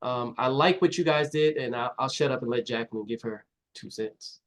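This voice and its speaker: A man who is a talent manager, giving feedback and instructions in a relaxed way, with lots of fillers. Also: mid-range voice, moderate pace. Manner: relaxed, uses fillers like "you know".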